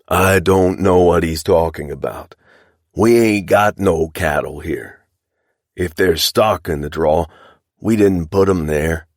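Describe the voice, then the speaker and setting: A man voicing a sullen frontier rustler with a very deep voice. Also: slow pace, no echo, clean studio sound. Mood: evasive. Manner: rough frontier drawl, sullen and defensive. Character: surly middle-aged male rustler, cruel and evasive.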